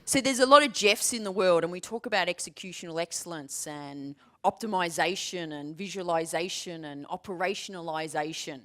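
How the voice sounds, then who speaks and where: A woman's voice: fairly low pitch, moderate pace, hardly any pauses. A woman in her forties giving a keynote presentation, telling stories with humour and driving her points home with emphatic repetition. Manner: lively, humorous storytelling with emphatic repetition. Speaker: keynote speaker. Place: large room with a live audience.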